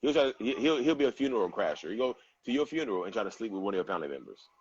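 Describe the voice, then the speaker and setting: Young man, livestream host, blunt slangy talk, husky low voice. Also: sing-song, rapid-fire, no room sound, muffled recording. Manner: blunt, slangy, addresses viewers as y'all. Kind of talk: casual livestream chat.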